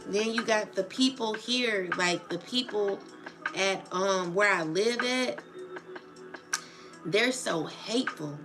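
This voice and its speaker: This tarot channel streamer talks slowly in a mid-range voice during an emotional live rant set to background music. Agitated and profane, she uses casual slang and keeps asking "you know what I'm saying."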